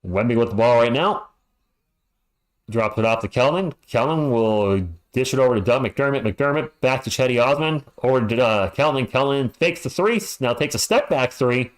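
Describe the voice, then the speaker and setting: A man's voice: medium pitch, expressive, moderate pace. A man calling a basketball game live as a fan commentator, chatting and ranting between plays. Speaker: play-by-play commentator.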